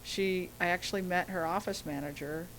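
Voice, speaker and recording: A middle-aged woman telling a personal story as a guest, animated, acting out the voices of people she quotes. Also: on the low side, brisk, a crowd in the background, rough recording.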